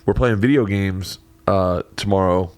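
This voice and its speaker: A man's voice: low-pitched, measured pace, a little mellow, dry recording. Rambling man telling a story on a podcast. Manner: rambling, acts out both sides of quoted conversations. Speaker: podcast host. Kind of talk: casual storytelling chat.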